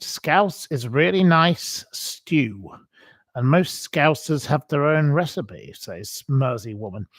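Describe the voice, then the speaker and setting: A man's voice: mid-range voice, dry recording. A man hosting a livestream, answering viewer questions in blunt, opinionated casual chat with lots of ums.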